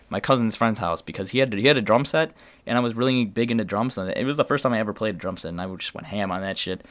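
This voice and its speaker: A man's voice: mid-range voice, no echo. A teenage man from the New York area telling a long personal story to camera in a casual, rambling way, full of fillers and restarts. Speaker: vlogger.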